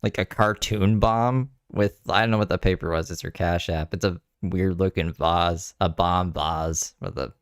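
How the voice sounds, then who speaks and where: A man's voice: deep voice, fairly even intonation, measured pace, hardly any pauses, dry recording. A man from Ontario, chatting casually in a dry, offhand, rambling way. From Ontario, Canada. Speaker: vlogger. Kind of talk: casual chat.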